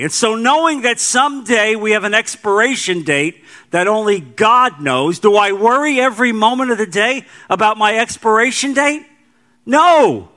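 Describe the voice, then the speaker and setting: A middle-aged pastor delivers a sermon in a high, bright voice. He leans on repeated phrases and slows down to stress key lines.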